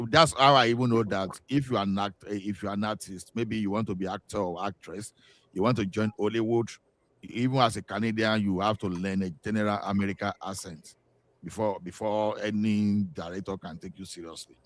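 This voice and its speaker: A man's voice: lowish voice, brisk, no echo. A man with a Nigerian accent chatting casually on a panel, telling stories with lots of restarts. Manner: animated storytelling with repeated restarts.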